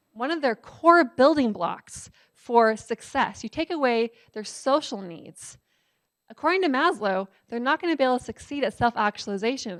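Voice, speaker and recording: A woman giving a public lecture in a conversational way, often checking with the audience and using filler words. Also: fairly high pitch. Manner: conversational, asks the audience "right?"; frequent "um" fillers.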